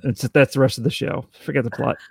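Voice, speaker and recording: A man co-hosting a podcast in casual chat, acting out scenes in quick little voices. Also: medium pitch, steady tone, creaky, husky, dry recording, studio quality. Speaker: podcast co-host.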